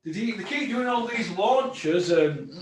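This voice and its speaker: High-voiced man in an echoey room. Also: expressive, unhurried, a little hiss or hum. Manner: blunt, sweary, ranting. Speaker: host. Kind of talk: boxing podcast chat. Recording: very echoey room, distant mic.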